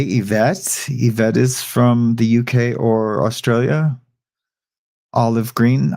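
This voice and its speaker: A man's voice: medium pitch, gravelly, darkish tone. A middle-aged man hosting a livestream, chatting loosely with his audience and drifting into a rambling story. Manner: rambling storyteller, frequent restarts and asides. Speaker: livestream host. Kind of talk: casual chat with a live audience.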